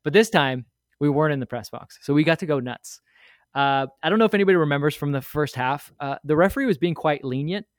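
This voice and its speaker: Podcast guest, male, slightly high voice, rambling animated storyteller, dry close sound. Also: fast talker, no room sound. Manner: rambling, animated storyteller with many fillers and asides. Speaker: guest sharing a fan memory. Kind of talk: casual storytelling.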